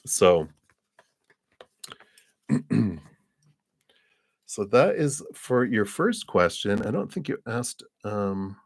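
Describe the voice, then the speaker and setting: A man reads tarot cards on a livestream in a slow, meandering way, his thoughts broken up by fillers and gentle laughter. His fairly low voice swings widely in pitch. Sound is clean and studio quality, without echo.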